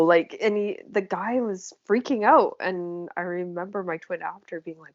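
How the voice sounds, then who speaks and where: A woman's voice: fairly low pitch, normal speed, hardly any pauses, dry recording. A woman hosting a casual chat, chatty and laughing easily. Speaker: host. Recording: slightly dull lo-fi sound.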